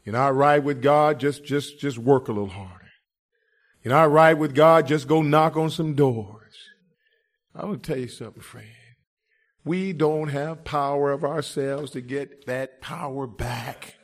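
A male preacher delivering an impassioned sermon, swinging from quiet murmurs to loud shouts, throwing in rhetorical "huh?" asides and calling listeners "friend". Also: medium pitch, a little slow.

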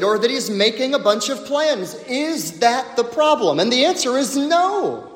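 A male pastor preaching a sermon, emphatic, with big swings in pitch and loudness. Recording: echoey hall with long reverb.

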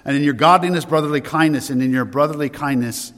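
A man's voice: a little high, quick pace, a bit bright, long reverb tail. A man preaching a sermon as a pastor, conversational and given to rhetorical questions.

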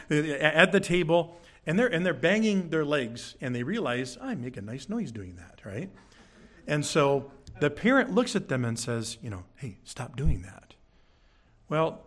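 A young adult man preaching a sermon as pastor, telling a funny story with quick jokes and sudden high-pitched bursts.

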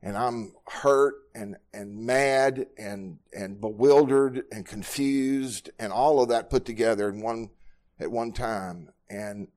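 A man, preaching a sermon at a Bible study, telling personal stories earnestly and moving from quiet, low passages to loud, raised ones. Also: takes it slowly. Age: 60s. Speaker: pastor.

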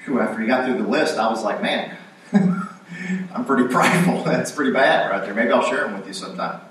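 A man's voice: lowish voice, fast talker, fairly bright tone, a little hiss or hum. Echoey, distant man preaching a sermon. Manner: conversational preaching, acting out quoted lines with rising emphasis.

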